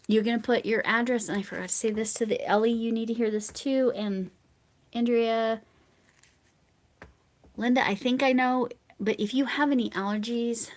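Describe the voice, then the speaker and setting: An American woman hosting a livestream, chatting casually with viewers and reading their comments. She rambles and drifts into soft mumbled asides. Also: a little high. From United States. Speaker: livestream host.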